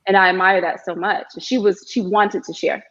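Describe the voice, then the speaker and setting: An actress guest in a relaxed interview, telling stories in an animated, talkative way and often checking in with her listener. Her voice sits at an ordinary woman's pitch. The recording is somewhat dull and lo-fi. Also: moderate pace. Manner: animated storyteller, frequent "you know what I mean". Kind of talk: casual interview chat. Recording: slightly dull lo-fi audio.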